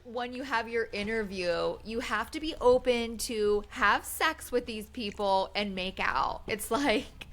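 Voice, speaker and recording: A woman's voice: fairly high pitch, unhurried, hardly any pauses, a bit bright. A woman co-hosting a podcast, chatting casually and chiming in with short replies. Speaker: podcast co-host. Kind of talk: casual chat.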